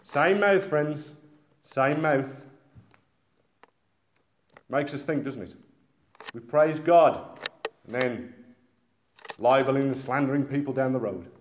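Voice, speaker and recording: A man from Britain preaching a sermon in a lively, conversational way with asides to his listeners. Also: medium pitch, slow, pauses often, a little hiss or hum. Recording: echoey, dull-sounding hall recording.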